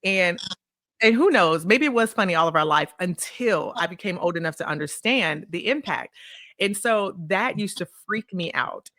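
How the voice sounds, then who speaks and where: Low-voiced woman telling personal stories. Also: moderate pace, dry recording, clean studio sound. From Illinois, USA. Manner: animated, acts out remembered dialogue. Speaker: podcast guest, consulting firm CEO. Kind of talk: casual interview storytelling.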